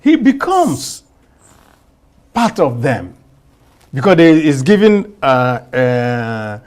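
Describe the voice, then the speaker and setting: A man giving political commentary in an interview clip, speaking slowly and deliberately. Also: medium pitch, sing-song, a little mellow.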